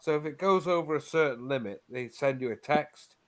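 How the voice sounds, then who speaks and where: A man's voice: on the high side, a little fast, a bit bright. A man telling a rambling story in casual chat, swearing constantly and restarting his sentences.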